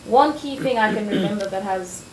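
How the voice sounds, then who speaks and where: A woman's voice: medium pitch, a little fast. Sierra Leonean woman, TV host, prompting questions; roomy studio sound. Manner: encouraging, short prompting questions. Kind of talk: TV interview. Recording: echoey studio with faint noise.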